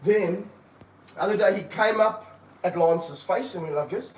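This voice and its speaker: A snake keeper with a fairly high voice narrates a live stream as he handles a snake, veering between excited outbursts and quiet mumbling at a normal speed. He's indoors in a spacious room lined with snake enclosures, sounding distant from the mic, with a faint hum in the background.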